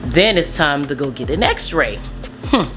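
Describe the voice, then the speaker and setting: Young woman, casual storyteller, low-set voice, animated retelling over faint music. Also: moderate pace. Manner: animated retelling, acts out quotes. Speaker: vlogger, mother.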